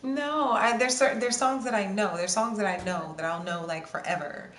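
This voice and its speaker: A woman's voice: medium pitch, moderate pace, a bit bright. A young woman hosting a casual livestream, chatting loosely with viewers and reading their comments. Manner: chatty, scattered, answers song requests with bits of singing. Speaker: livestream host. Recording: roomy with faint ambient noise.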